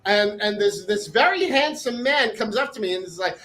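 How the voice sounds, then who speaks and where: A man's voice: high-pitched, lively intonation, moderate pace, fairly bright tone, poor audio. A man co-hosting a chat show over a video call, telling a story in a rambling way with many fillers. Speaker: co-host. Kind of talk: casual chat.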